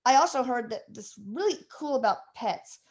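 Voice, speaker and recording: Woman host, gushing and affectionate, fairly high-pitched, relaxed chat. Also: normal speed. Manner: effusive and affectionate. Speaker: channel host, energy healer. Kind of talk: casual video chat.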